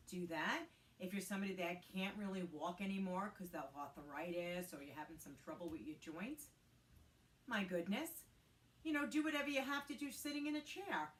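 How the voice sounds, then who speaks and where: Woman, 60s, home vlogger; candid and chatty, lower voice, recorded in a roomy space some way from the mic. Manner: chatty, candid, talks to her dog between points. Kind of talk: casual chat to camera. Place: home, doing housework. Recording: roomy sound, mic set at a distance.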